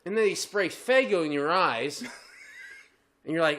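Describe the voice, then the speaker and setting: A man co-hosting a crude casual podcast chat, rowdy and laughing, bursting into shouts. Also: fairly high pitch, expressive, a little slow, long pauses. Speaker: podcast co-host.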